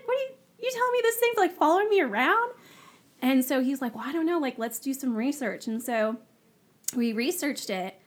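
A woman, a guest on the show, telling her personal story in a casual, animated way, acting out the dialogue she quotes. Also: fairly high pitch. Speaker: guest sharing her testimony.

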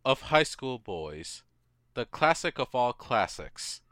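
A man co-hosting a podcast in casual chat, his pitch swinging widely as he stresses his blunt opinions. His voice is bright and crisp, recorded dry and close. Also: very animated, takes it slowly, no room sound. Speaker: podcast co-host.

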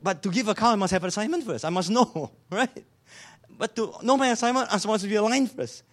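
A man preaching a sermon, earnest, asking rhetorical questions and often dropping low and soft. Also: animated, fairly quick. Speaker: pastor.

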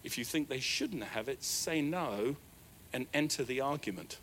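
A middle-aged man with a New Zealand accent, preaching a sermon in a church hall. He tells a personal story in an animated, self-deprecating way. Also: medium pitch, moderate pace, slight background noise. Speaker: pastor.

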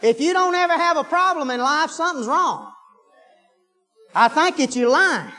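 A man's voice: very high-pitched, very animated, moderate pace, pushed and bright. A man preaching a sermon, telling folksy stories and breaking into fervent hallelujahs. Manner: folksy storytelling, rising into fervent exclamations. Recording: long hall reverb.

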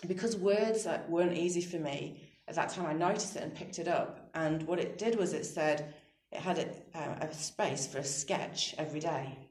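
Low-voiced woman telling stories. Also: normal speed. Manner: thoughtful, soft-spoken, laughs readily at her own stories. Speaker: interview guest. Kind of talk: reflective personal storytelling on faith. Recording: roomy echoey sound.

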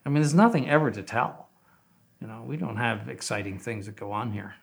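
A man's voice: lowish voice, a little fast, gravelly, husky. An older man who heads a seminary, talking casually in an interview, rambling with many fillers and restarts.

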